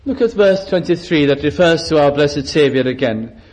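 A fairly high-pitched man preaching a sermon. He gives his delivery plenty of drama, slowing down and speeding up for emphasis. When he quotes scripture or acts out a figure in the story, he changes his voice to play the part. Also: animated, darkish tone, rough recording.

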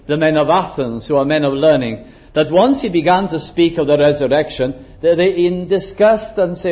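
Measured preacher with a higher voice. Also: male voice, darkish tone. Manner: measured, slows down to stress scripture quotations; occasional throat clearing and restarts. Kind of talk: sermon. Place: church service.

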